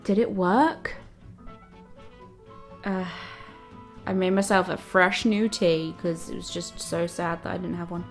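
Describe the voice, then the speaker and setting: A woman's voice: on the low side, steady tone, measured pace, pauses often, soft background music. A young woman in her twenties chatting through a get-ready-with-me vlog at home, bubbly and self-mocking, often addressing the universe. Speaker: vlogger. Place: home, indoors. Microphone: camera mic.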